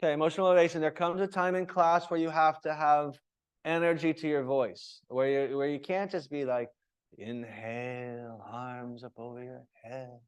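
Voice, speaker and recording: A man teaching a yoga teacher training class, talking in an emphatic, animated way and often checking in with his students. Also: fairly high pitch, fairly quick, clear, resonant tone.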